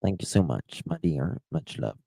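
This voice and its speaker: A man's voice: rumbling low, lively intonation, normal speed, vocal fry, very noisy. A man with a Southern accent hosting a live stream, telling stories in a chatty, rambling way. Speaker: livestream host. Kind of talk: casual live-stream chat.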